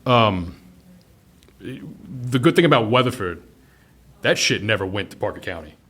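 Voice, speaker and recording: Blunt, animated male pub owner. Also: on the low side, a little slow, breathy edge. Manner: blunt and profane, laughs while telling stories. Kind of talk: casual interview chat.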